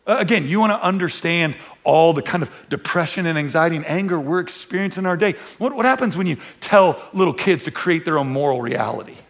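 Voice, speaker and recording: A male pastor preaches in a church, his voice slightly high and gravelly. He talks to the congregation like friends, repeating phrases for emphasis. He swings between quiet, intimate asides and loud, driving peaks. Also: expressive, fast talker, few pauses. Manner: conversational, repeats and restarts for emphasis. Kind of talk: sermon. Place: church sanctuary.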